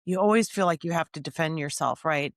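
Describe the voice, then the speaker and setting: A woman's voice: deep voice, brisk, dry recording, clean studio sound. A woman podcast host in casual interview chat, speaking thoughtfully and building on her guest's points.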